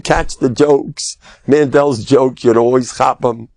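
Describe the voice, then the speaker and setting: An older man, a rabbi giving a humorous Torah lecture, joking and self-deprecating, now and then bursting into loud, emphatic cries. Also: mid-range voice, takes it slowly, dry recording.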